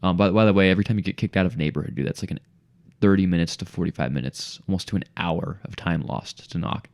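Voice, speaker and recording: A young man with a very deep voice tells a story over casual podcast chat. He acts out the other people in it as he goes. He keeps saying "dude" and "bro". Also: fast, vocal fry. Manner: animated storyteller, acts out quotes, says "dude" and "bro" a lot. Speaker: podcast co-host.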